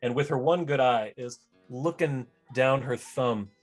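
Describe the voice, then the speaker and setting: A man's voice: medium pitch, measured pace, faint music behind. A man narrating a tabletop game as game master, chatty and descriptive, often correcting himself.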